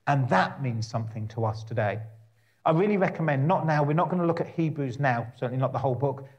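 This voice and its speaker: A male pastor delivering a sermon at a middle pitch. He reads scripture aloud, then slows right down and leans on key phrases with measured pauses. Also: animated, a little mellow, muffled recording. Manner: slow, deliberate emphasis with long pauses on key words.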